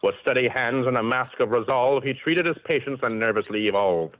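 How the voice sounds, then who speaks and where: A performer voicing a robotic machine that recites a poem in a steady rhythm. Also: medium pitch, a little fast, muffled recording, close to an everyday voice. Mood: reciting.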